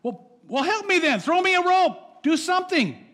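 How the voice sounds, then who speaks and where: A man's voice: extremely high pitch, big pitch swings, normal speed, fairly bright tone, big-room sound, pitched above the performer's own voice, exaggerated voice. A man voicing a panicked young boy clinging to a cliff, pleading frantically. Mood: desperate.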